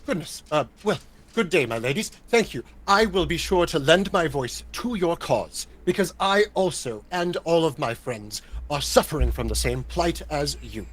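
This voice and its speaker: A man playing a frivolous, fawning aristocratic gentleman with pompous, fussy manners in a tabletop game. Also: on the high side, expressive, moderate pace. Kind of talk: improvised tabletop role-play.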